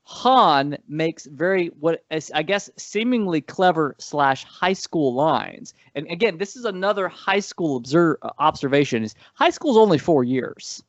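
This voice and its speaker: A man co-hosting a casual movie-review podcast, rambling and animated, often correcting himself mid-sentence. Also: fairly high pitch, unhurried, hardly any pauses, no room sound. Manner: rambling, animated, frequent self-corrections and laughs. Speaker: podcast co-host. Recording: dull lo-fi dry sound.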